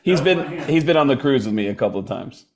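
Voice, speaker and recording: A man's voice: mid-range voice, lively intonation, fast talker, crowd noise. A man appearing as a comedian guest on a podcast, making joking asides in casual chat.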